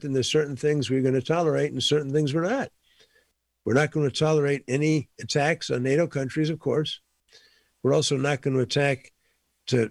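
A man's voice: on the high side, no room sound, studio quality. A man giving impassioned political commentary, emphatic and repeating his points for force.

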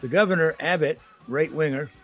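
A man's voice: a little high, fairly quick, fairly bright tone, faint music behind. A man giving conversational political commentary, indignant and emphatic, with sarcastic asides.

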